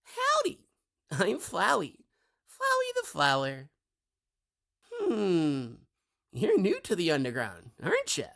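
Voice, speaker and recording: Lady doing a falsely friendly little flower guy, singsong, wild swoops in pitch, slow. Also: huge pitch swings, creaky, fairly bright tone, exaggerated voice. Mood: chirpy. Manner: singsong, drawn-out greeting.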